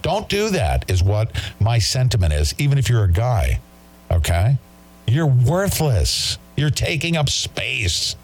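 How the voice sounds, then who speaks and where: A man's voice: medium pitch, wildly swooping pitch, measured pace, faint music behind. A male talk show host ranting in an emphatic, combative and sarcastic way.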